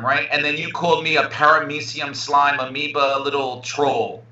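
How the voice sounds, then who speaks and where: Jokey teacher, theatrical, bright voice, far off in an echoey room, dull call audio. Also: male voice, on the high side, steady tone, normal speed, few pauses. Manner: jokey, theatrical, exaggerates words. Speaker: English teacher. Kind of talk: playful live-stream lesson banter. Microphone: remote call audio.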